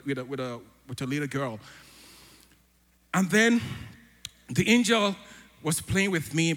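A man's voice: on the high side, big-room sound. A man with a mixed African and British accent, a church elder preaching a sermon and praying aloud with fervor. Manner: fervent, rising to loud declarations in prayer. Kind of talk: sermon with spoken prayer. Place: church hall.

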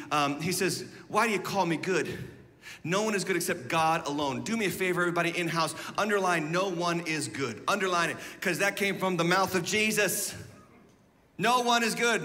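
Male pastor, high bright voice, animated sermon with shouts and hushed asides, reverberant hall. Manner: animated, swings from shouted emphasis to hushed asides, leads call-and-response.

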